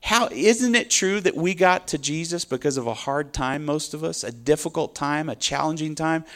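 A man's voice: on the high side, expressive, moderate pace, a bit bright. A man preaching a sermon, delivering rising, emphatic appeals and closing in prayer. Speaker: pastor.

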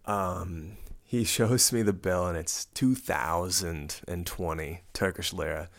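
A man's voice: low voice, takes it slowly, creaky. A young man casually recounting a travel mishap, rambling and self-mocking, often laughing as he tells it. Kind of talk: casual storytelling to camera.

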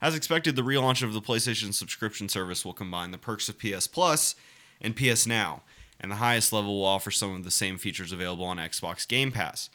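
A man's voice: on the low side, expressive, fairly quick, sharp tone. A man co-hosting a casual gaming podcast, joking and swearing, sometimes reading news aloud. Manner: swearing, laughing, jokey. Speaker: podcast co-host.

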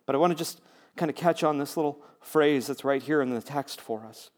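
A man preaching a sermon as a pastor, talking conversationally, building to emphatic repeated lines and dropping to hushed near-whispers. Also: fairly high pitch, fairly quick.

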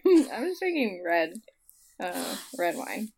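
Giggly woman, slow and swooping. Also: fairly low pitch, sing-song, gravelly, darkish tone. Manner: giggly, laughs often. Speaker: podcast co-host. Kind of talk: casual chat.

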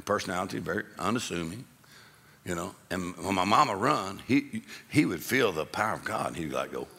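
Gravelly man telling a comic story. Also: fairly quick. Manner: animated, acts out people with sudden high shouts. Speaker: comedian. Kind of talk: stand-up comedy storytelling.

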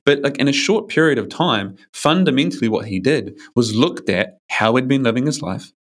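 A man's voice: medium pitch, a bit bright. A man who coaches men, speaking in a casual interview with a rambling, loose manner, many fillers and casual swearing. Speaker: men's coach.

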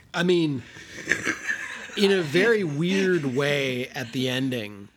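A man co-hosting a casual film podcast, often acting out characters' lines in a higher voice. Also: slow, noisy background. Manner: acts out characters' lines in a raised voice. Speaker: podcast co-host.

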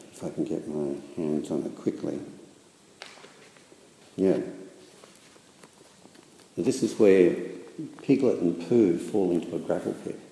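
Low mellow guy giving a thoughtful talk, lots of ums, big echoey hall. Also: a little hiss or hum. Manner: thoughtful, hesitant, with many fillers. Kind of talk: reflective spiritual talk. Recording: echoey hall with long reverb.

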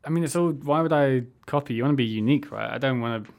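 A man co-hosting a relaxed, comedic conversation. He argues his case with teasing stubbornness and tells rambling anecdotes. His voice sits at an ordinary middle pitch for a man. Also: quick pace, vocal fry. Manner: argumentative, teasing. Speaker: podcast co-host. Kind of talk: casual comedic chat.

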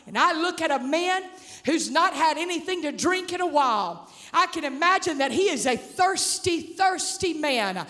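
A woman preacher with a very high, bright voice delivers an animated sermon. She acts out the voices in her story and calls out to the listeners. Her voice rings through a hall with a long echo. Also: moderate pace. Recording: reverberant hall.

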